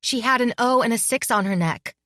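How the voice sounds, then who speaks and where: A young female student, played by a woman narrator, earnest and indignant, pushing back despite her fear. The voice rises brighter than the narration, recorded dry and close. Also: a little high, a little fast, no room sound, pitched above the performer's own voice, natural voice. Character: young woman student, defiant but scared.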